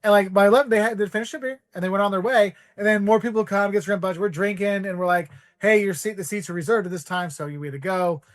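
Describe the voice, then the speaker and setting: A man's voice: high-pitched, quick pace, hardly any pauses, no room sound. A man in his forties, a guest on a podcast, rambling through travel stories and acting out voices in quotes. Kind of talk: casual storytelling.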